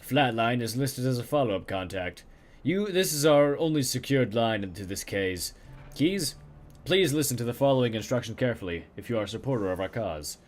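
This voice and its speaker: A man's voice: mid-range voice, expressive, brisk. A man playing a video game and reading its narration aloud, with muttered casual comments between passages. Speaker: let's play gamer.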